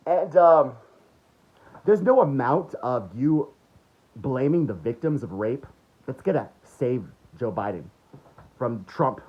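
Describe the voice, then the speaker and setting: A man delivering an angry, mocking political rant full of swearing. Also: mid-range voice. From United States. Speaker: political commentator. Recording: dull lo-fi recording.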